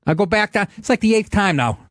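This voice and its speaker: Animated, foul-mouthed man telling stories. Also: high-pitched, fast talker, no room sound, clean studio sound. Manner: profane, animated, laughs through his story. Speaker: podcast host. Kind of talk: comic storytelling.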